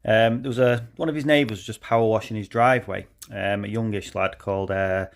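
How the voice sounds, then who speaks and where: A man's voice: fairly low pitch, steady tone, a little fast, vocal fry. A man, a driving instructor, talking casually and earnestly to camera with many ums.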